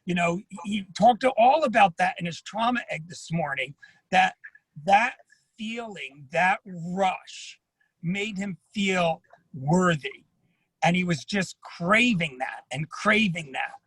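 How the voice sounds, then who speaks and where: A man with a high, husky voice talks earnestly and personally as an addiction therapist at an online panel. He tends to repeat words as he speaks. His sound is dry and close, with no room around it. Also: lively intonation, slow, a bit bright, no room sound, poor audio. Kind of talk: panel talk at an online symposium.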